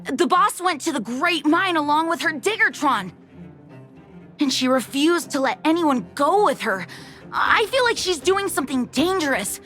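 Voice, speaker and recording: A woman's voice: high-pitched, sharp tone, full character voice. A woman voicing a cocky, bossy young kid in a game who calls herself second in command. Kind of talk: game voice acting.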